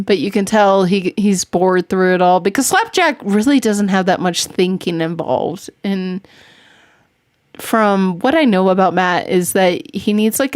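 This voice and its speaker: A woman's voice: medium pitch, no echo, clean studio sound. A woman hosting a podcast in casual chat, giggling often and rambling as she talks. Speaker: podcast host.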